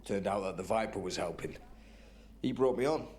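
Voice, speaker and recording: A man's voice: lowish voice, moderate pace, a little mellow, slight background noise, close to an everyday voice. An actor playing a male secret-society agent in a video game, telling his past plainly. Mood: matter-of-fact.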